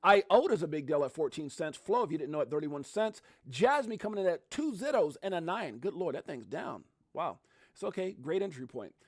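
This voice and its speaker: A man hosting a casual livestream, talking straight to his chat in a lively way with some mild swearing. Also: on the high side, brisk. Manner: animated, talks straight to chat, swears mildly. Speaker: livestream host. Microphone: desktop microphone.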